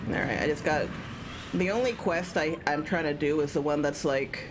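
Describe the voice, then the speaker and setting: A tired woman streaming a video game from home, chatting casually and rambling between bursts of excited yelling. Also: sits low, normal speed, noisy background. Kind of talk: casual gaming stream chat.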